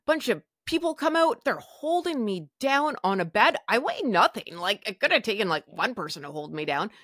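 A young woman telling a personal story in a casual, animated way, acting out her own past words and swearing now and then. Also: medium pitch, normal speed, no room sound, clean studio sound. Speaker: podcast guest sharing her story.

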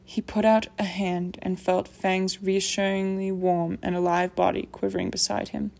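A woman narrating a novel aloud in a steady, measured storytelling manner. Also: mid-range voice, vocal fry. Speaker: audiobook narrator. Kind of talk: scripted narration.

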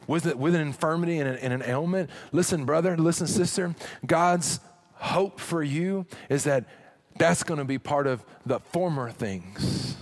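A middle-aged man preaching a sermon as pastor, humorous and conversational, with dramatic drops to a hush. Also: medium pitch.

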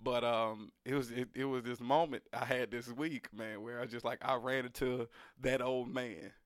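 Young male podcast co-host, earnest and animated, mid-pitched voice in a dry, close sound. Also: moderate pace, no room sound. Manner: earnest, animated, repeats himself, slangy. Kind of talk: casual chat, storytelling.

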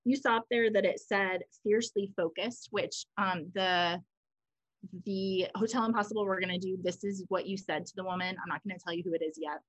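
A woman's voice: mid-range voice, a little fast, dry recording, low-quality recording. Chatty woman co-host, dry close sound. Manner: chatty, animated storytelling with quoted voices. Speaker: podcast co-host. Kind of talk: casual conversational explanation.

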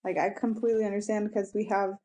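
Reflective mellow-voiced mother, hesitant. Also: medium pitch, little pitch movement, fast talker. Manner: reflective, hesitant, with fillers and soft laughs. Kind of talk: casual chat about parenting.

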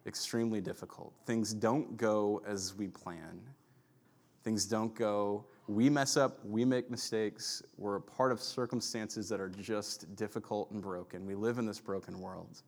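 A man's voice: lowish voice, a little slow, darkish tone. Chatty storytelling male pastor. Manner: chatty storyteller, heavy use of "like". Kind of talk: sermon with personal storytelling.

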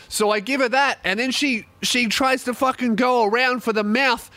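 A man's voice: very high-pitched, fairly even intonation, normal speed, few pauses, pushed and bright, no room sound. A young man telling a profane comic story, laughing often. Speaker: comedian host.

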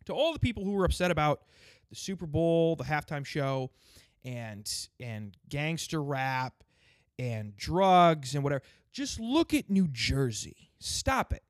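A man's voice: a little high, expressive, unhurried, no room sound, clean studio sound. A man delivering an angry, sarcastic rant full of swearing. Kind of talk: ranting stand-up style monologue. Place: lives in the state he complains about.

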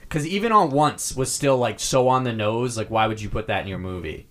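A man co-hosting a casual podcast, recapping a film in a rambling, profane way with halting restarts. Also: medium pitch, fairly bright tone. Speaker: podcast co-host.

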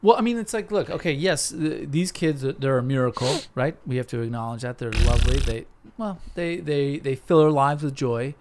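A man's voice: medium pitch, fairly quick, few pauses, slight background noise. A man from England with an English accent, co-hosting a podcast and riffing in exasperated, profane banter. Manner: animated, exasperated riffing, swears. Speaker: podcast co-host.

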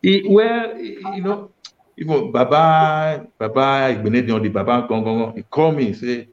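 A guest from Edo State, Nigeria, with a Nigerian accent, recounts in Nigerian Pidgin his time as a state information official, animatedly acting out quoted speech. He speaks at medium pitch and a moderate pace, and the audio is muffled and dull.

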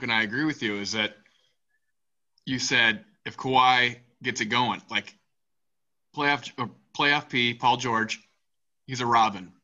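Bright, energetic male podcast host. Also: medium pitch, muffled recording. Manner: energetic, swears freely, moderates the panel. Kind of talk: casual sports podcast banter.

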